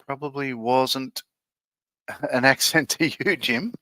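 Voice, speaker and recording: A man's voice: medium pitch, slow pace, sharp tone, dry recording. A man hosting a live stream, musing aloud with many fillers and restarts as he works on a model. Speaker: livestream host building a model ship. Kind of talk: casual live-stream chat.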